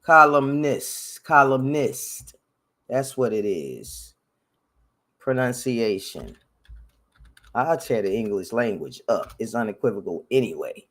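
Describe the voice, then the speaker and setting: A man hosting a solo history talk, rambling with joking asides, correcting himself often and breaking into loud animated bursts. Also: mid-range voice. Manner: loud animated bursts, sound-effect "ding" noises. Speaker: podcast host. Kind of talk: unscripted solo history commentary. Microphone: headphones and desk mic.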